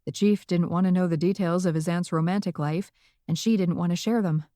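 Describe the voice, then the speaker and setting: A woman reading a cozy mystery audiobook in the first person, with lively, wry storytelling on a close studio mic. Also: fairly low pitch, brisk, no room sound. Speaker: audiobook narrator.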